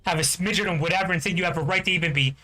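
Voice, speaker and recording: A man's voice: sits high, fairly even intonation, rapid-fire, bright, forceful tone, rough recording. A man from New Jersey, a game streamer, ranting angrily with heavy swearing and constant "you know what I'm talking about" fillers. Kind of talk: angry ranting chat.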